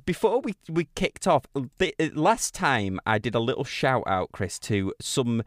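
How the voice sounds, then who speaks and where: A man co-hosting a podcast, telling stories in lively, casual chat. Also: medium pitch, a little slow, no echo, studio quality. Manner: chatty storyteller, animated and laughing. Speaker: podcast co-host.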